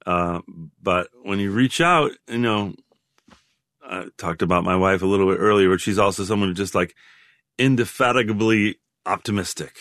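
A man in his sixties, a guest in a reflective interview, talking in a halting, rambling way with many restarts. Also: low-pitched, a bit bright, no room sound, studio quality. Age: 60s.

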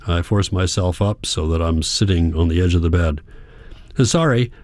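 A man giving a calm, measured first-person audiobook narration. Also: low voice, dry recording, clean studio sound.

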